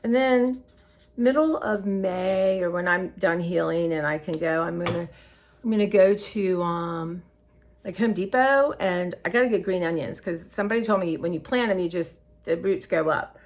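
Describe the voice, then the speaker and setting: Her voice sits on the low side and moves at a moderate pace as she vlogs casually, drifting from topic to topic. Chatty, tired, and emotional, the woman keeps addressing viewers as "y'all."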